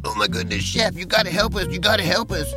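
A man's voice: high-pitched, very animated, quick pace, music in the background. A man voicing a frantic young male diner barista who rambles in a panic, in a comedy podcast role-play. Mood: panicked.

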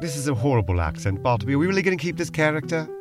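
A man's voice: on the high side, big pitch swings, racing, music in the background. A man co-hosting a comedy show, answering his partner in a dry, skeptical, prim way. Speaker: co-host. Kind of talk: comedic improvised role-play banter.

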